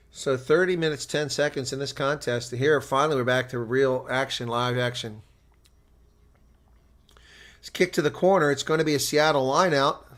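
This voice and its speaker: A man's voice: medium pitch, normal speed, fairly bright tone. A tired man hosting live play-by-play reaction commentary on a rugby match, chatting to his viewers between calls.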